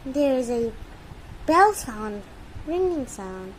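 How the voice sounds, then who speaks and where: High-voiced woman baby-talking her bird on a phone vid, slow, swoopy. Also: lively intonation, very noisy. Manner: coos and scolds a pet bird in baby talk. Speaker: pet owner filming her bird. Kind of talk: casual phone vlog talking to a pet. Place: indoors at home with a fan on.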